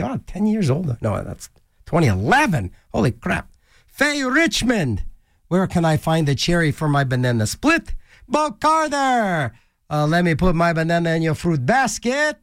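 A man's voice: high voice, a bit bright, no echo. A man hosting a college radio show from a small studio, rambling through silly, joking asides between songs. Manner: goofy, rambling, jokey asides and silly voices. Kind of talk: casual DJ banter. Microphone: studio microphone.

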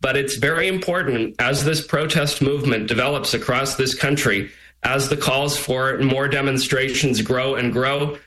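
A man, an immigration attorney, speaking as a guest in a news interview in a forceful, argumentative way. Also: mid-range voice, rough recording.

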